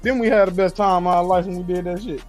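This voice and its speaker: A man with a high-pitched voice holds forth on a casual livestream, answering his chat. He lectures bluntly and swears freely. Soft music plays faintly underneath. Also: fairly even intonation, quick pace. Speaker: streamer reading live chat.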